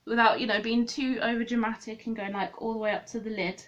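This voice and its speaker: A woman with a slightly high voice talks through her makeup as she works. She rambles and corrects herself mid-sentence in a loose, chatty way. The audio is a bit dull and lo-fi. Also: level tone, fast talker, hardly any pauses. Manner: thinks aloud, rambling and self-correcting. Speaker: beauty vlogger.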